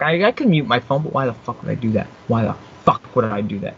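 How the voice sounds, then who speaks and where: A man's voice: mid-range voice, expressive, fast, slightly rough, muffled recording. A young American man hosting an internet radio show, rambling through a profane, easily fired-up rant from a small home studio. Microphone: studio mic with headphones.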